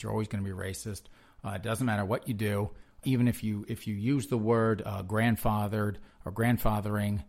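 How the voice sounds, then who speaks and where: A man's voice: on the low side, gravelly. A man hosting a talk show, giving sarcastic, rambling commentary as he reads news articles aloud. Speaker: show host. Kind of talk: casual commentary reading articles.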